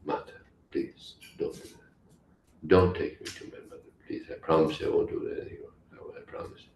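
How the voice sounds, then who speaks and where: A man voicing a mischievous little boy who softly pleads not to be taken home. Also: a bass voice, huge pitch swings, moderate pace, distant mic, full character voice. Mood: pleading. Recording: echoey room, faint hiss.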